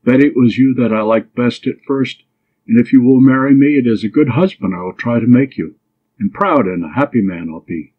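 A man playing a proud young Highland man in an audiobook, earnest and fierce. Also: fairly quick, husky, lightly acted. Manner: fierce then gentle, earnest. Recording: dull lo-fi recording.

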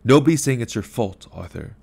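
A man voicing a weary gray-haired older man who speaks in a measured, patient, quietly firm way. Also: medium pitch, animated, vocal fry, husky, pitched above the performer's own voice.

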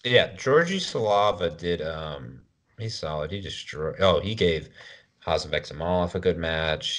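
A man co-hosting a casual podcast, bantering loosely and rattling off names and results. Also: extremely low pitch. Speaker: podcast co-host.

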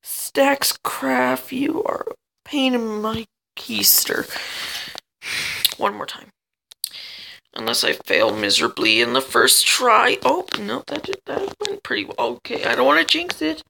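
A man giving let's play commentary as a channel host, excitable, chattering at the other players and yelping when chased. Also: very high-pitched, measured pace, gravelly, slight background noise, low-quality recording.

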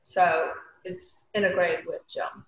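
A woman's voice: lowish voice, level tone, slow pace. A woman with a Southern accent talks through her point in a chatty, filler-laden way on a video call. Her voice sits in the middle of her range. The audio is muffled and echoey, with a faint hiss underneath. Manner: chatty, explanatory, full of fillers. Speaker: recruiter on a panel. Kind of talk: casual panel discussion.

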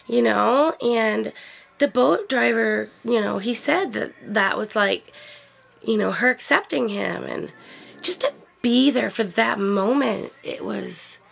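A middle-aged woman chatting casually about a trip, using lots of fillers and laughing often, with a gravelly, husky voice. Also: on the high side, slow pace, fairly bright tone. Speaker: vlogger. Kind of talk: casual storytelling.

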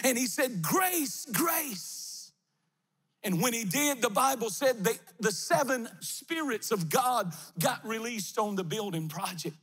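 A man's voice: very high voice, animated, normal speed, few pauses, a bit bright, husky. A middle-aged man, a pastor preaching a fervent, sing-song sermon in a near-empty church.

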